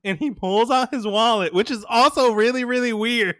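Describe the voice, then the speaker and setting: A man's voice: very high-pitched, moderate pace, no echo, clean studio sound. Laughing young man telling a story. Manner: animated storyteller, laughs often, quotes people. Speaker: podcast co-host. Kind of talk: casual chat.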